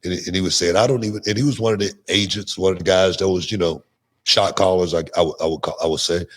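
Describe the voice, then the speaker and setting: Lower-voiced man telling stories, repeating himself. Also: quick pace. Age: older. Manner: animated, repeats words, laughs mid-sentence. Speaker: guest. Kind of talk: casual interview storytelling.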